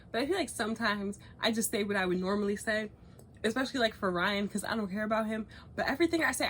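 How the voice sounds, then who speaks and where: A young woman vlogging in casual chat, animated, swearing freely and laughing often as she rambles. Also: fairly high pitch, a little hiss or hum. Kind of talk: casual chat, cookie review and gossip.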